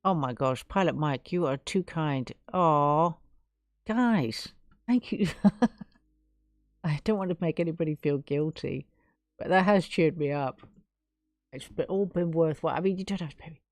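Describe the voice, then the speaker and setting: A chatty, effusive woman from England hosts her live stream and thanks her viewers warmly. Her voice sits fairly low for a woman. The recording is dry and close. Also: measured pace, long pauses, no echo. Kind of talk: casual live stream chat.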